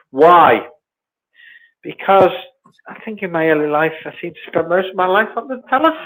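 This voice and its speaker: A man answers viewer questions on a live stream in a plain-spoken way, laughing easily. His voice sits at a middle pitch, and the sound is dry. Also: fairly bright tone, no echo, low-quality recording. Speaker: guest.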